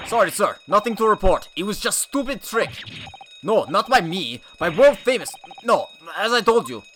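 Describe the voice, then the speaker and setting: A man voicing a gruff sailor with a mock Russian accent and broken English, reading game dialogue. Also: sits high, sing-song, moderate pace, a bit bright, a little hiss or hum, voice pushed up. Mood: loud. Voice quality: broken English, dropped articles. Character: gruff Russian sailor guarding a ship cabin.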